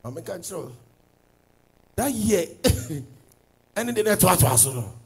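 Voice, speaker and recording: A man preaching a sermon as pastor, swinging from loud declarations to low asides. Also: very animated, measured pace, gravelly, slightly rough, rough recording.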